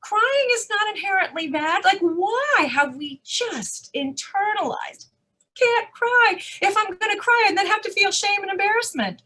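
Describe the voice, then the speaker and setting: A woman conference speaker answering audience questions, animated and emphatic, with rhetorical questions and frequent restarts. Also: very high-pitched, normal speed, hardly any pauses. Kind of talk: live Q&A answers.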